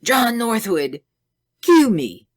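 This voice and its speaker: A woman's voice: lowish voice, very animated, slow, voice pushed up. A woman voicing an agitated older male scientist with a German accent, crying out in distress. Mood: anguished.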